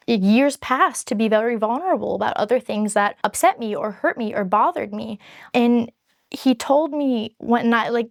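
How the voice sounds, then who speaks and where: A woman's voice: on the high side, no room sound, clean studio sound. A woman speaking frankly and earnestly to camera as she tells her own story in a casual vlog. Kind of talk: candid personal storytelling to camera.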